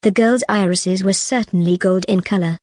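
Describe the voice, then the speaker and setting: A woman reading fantasy narration for an audiobook in an even, steady manner. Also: mid-range voice, moderate pace, no echo, studio quality.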